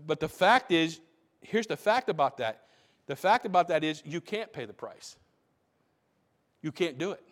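Male pastor, emphatic repetitive sermon delivery, somewhat high voice. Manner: emphatic preaching, repeats phrases for stress. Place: church.

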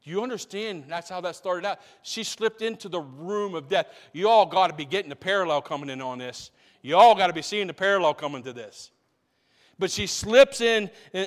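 A man preaching a sermon, swinging between booming emphasis and hushed asides and repeating phrases to drive points home. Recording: long reverb of a large hall.

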